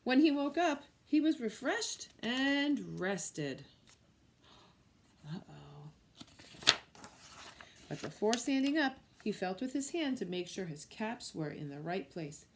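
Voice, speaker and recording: A woman, a preschool teacher, reading a picture book aloud to young children with expressive storytelling. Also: a little high, a little slow, hardly any pauses, slight background noise.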